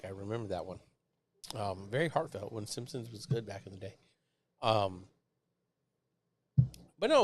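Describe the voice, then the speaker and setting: Animated, foul-mouthed man. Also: mid-range voice. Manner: profane, animated, acts out neighbors in raised voices. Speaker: host of a live show. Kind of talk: casual rambling storytelling.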